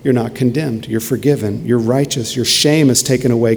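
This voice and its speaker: A man's voice: mid-range voice, fairly even intonation, moderate pace, vocal fry, few pauses, a little mellow. A male pastor preaching a sermon, earnest and emphatic, repeating key phrases for weight. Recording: long reverb with faint ambient noise.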